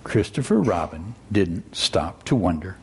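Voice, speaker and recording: A man retelling a children's story aloud in an expressive, musing, unhurried way. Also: low voice.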